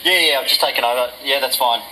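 Fast, bright Australian negotiator. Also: male voice, mid-range voice, a little hiss or hum, rough recording. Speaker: police negotiator. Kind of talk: live crisis negotiation.

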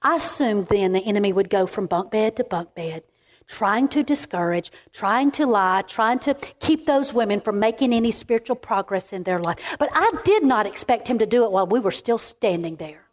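A middle-aged woman speaking at a women's ministry event preaches a storytelling sermon with animated emphasis, often restarting her words. Her voice is mid-range and her pace normal.

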